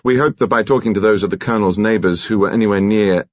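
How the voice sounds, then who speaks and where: A man's voice: lowish voice, fast, no room sound, lo-fi sound, close to an everyday voice. A man voicing a cool, urbane police detective with a polished, lightly ironic manner. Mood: probing.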